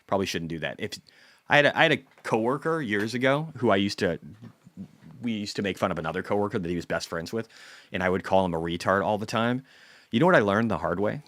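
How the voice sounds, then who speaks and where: A man with a very deep, low-pitched voice hosts a casual live trading stream. He is blunt and profane, drops to muttered asides and then bursts out loud. The sound is dry and close, with no room echo. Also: expressive, fast. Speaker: stock market livestream host.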